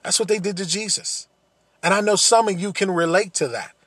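A man's voice: sits high, fairly even intonation, fairly quick, a bit bright, breathy edge, no echo. A man preaching a sermon, earnest, repeating phrases and building to emphatic peaks.

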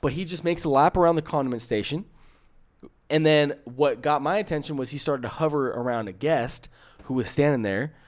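A podcast co-host from the San Francisco area tells a story in casual conversation, acting out the quotes and restarting many times. His voice is on the high side and a little fast.

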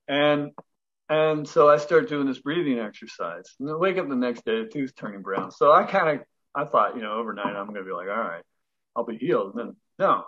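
A man's voice: mid-range voice, fairly bright tone. A middle-aged man telling a personal story in a casual interview, laughing between lines and acting out the voices of the people in it. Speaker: guest breathwork teacher. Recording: dull lo-fi audio.

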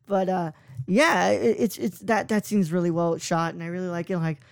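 Rambling mid-pitched podcast talker. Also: fairly even intonation, measured pace, creaky, no room sound, studio quality. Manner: rambling, searches for words. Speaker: podcast co-host. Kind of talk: casual podcast film chat.

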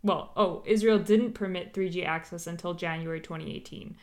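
A woman's voice: fairly low pitch, fairly even intonation, fairly quick. A woman hosting a podcast, chatting casually and explaining a topic with lots of fillers and asides. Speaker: podcast host.

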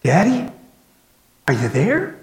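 A man preaching, voicing a frightened little girl calling for her father in the dark. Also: high-pitched, wildly swooping pitch, slow, pitched above the performer's own voice, heavily acted. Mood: scared. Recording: echoey hall with long reverb.

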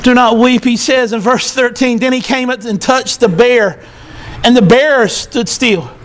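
A male pastor preaching a sermon in church, emphatic and teary, repeating short phrases and building to shouts. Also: very high voice, unhurried. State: teary, emotional.

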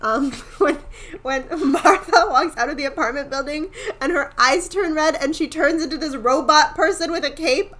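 A young woman with a slightly high voice talks casually on a movie podcast. She is chatty and acts out her own reactions, often with a laugh. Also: moderate pace, a bit bright. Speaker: podcast co-host.

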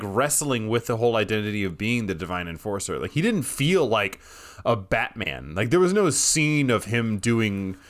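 A man's voice: medium pitch, a bit bright. A man co-hosting a podcast, talking through a film in long run-on sentences that he strings together with "like.". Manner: talks in long runs strung together with "like". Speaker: podcast co-host. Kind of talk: casual film discussion.

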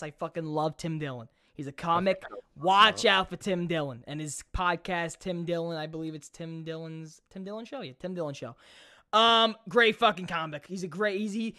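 A man's voice: high voice, bright, forceful tone. A man co-hosting a podcast over a video call, chatting in a rowdy, profane, jokey way. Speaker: podcast co-host. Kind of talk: casual podcast banter.

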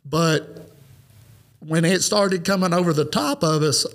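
Man, fairly high voice, rambling and earnest, fillers everywhere, podcast guest. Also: a little slow, a bit bright. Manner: rambling, earnest, lots of "you know" fillers. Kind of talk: casual storytelling.

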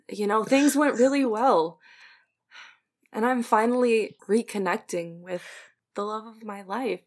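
A woman's voice: medium pitch, unhurried, a bit bright. A woman playing a tabletop game in character, swearing freely and laughing often. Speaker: player. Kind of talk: tabletop role-play, in character.

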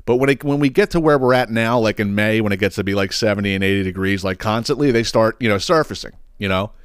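A man hosting a podcast, telling a story in a heated, profane, animated way with lots of restarts. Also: on the low side, fast talker, smooth, no room sound, studio quality. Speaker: podcast host. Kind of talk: casual storytelling monologue.

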